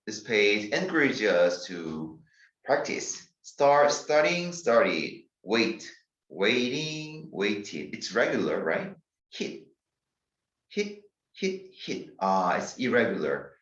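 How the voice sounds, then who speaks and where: A man with a Korean accent gives a slow, carefully paced grammar lesson, spelling out words one letter at a time. His fairly low voice rises and falls widely. He sounds distant, in a dull, echoey room. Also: very animated, a bit bright. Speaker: English teacher. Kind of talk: grammar lecture.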